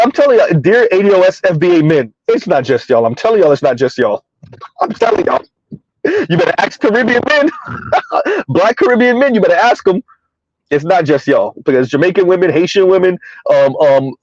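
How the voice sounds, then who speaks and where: A man's voice: on the high side, darkish tone, no room sound, highs cut off. A man hosting a casual livestream commentary, emphatic and rambling, chuckling between points. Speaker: commentary channel host.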